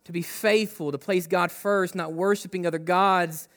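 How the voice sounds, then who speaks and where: Guy preaching a sermon, pretty high voice, chatty, acts out little quotes. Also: fairly even intonation, moderate pace, a bit bright. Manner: conversational preaching with acted quotes and rhetorical questions. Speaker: pastor.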